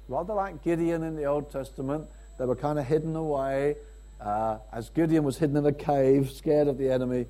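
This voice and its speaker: A man preaching a sermon, swinging from emphatic peaks to quiet, low passages and acting out quoted speakers. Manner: acts out quoted speakers in dialogue.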